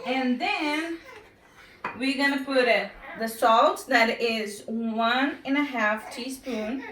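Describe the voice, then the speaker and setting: Home baking teacher, woman with a foreign accent; halting and apologetic, lots of fillers, echoey kitchen. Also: sits high, fairly bright tone, slight background noise. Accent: non-native English. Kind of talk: casual cooking demonstration. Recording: echoey kitchen, mic far off.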